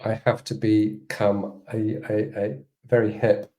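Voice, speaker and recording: A man, a hoof trimmer, telling an anecdote on a live stream with halting, hesitant phrasing. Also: on the low side, flat delivery, warm tone.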